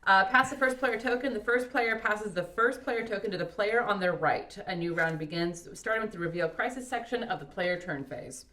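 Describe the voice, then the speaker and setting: A woman playing a board game with friends, reading the card text aloud in an even, steady way. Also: mid-range voice, moderate pace, hardly any pauses, rough recording. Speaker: player reading the game cards.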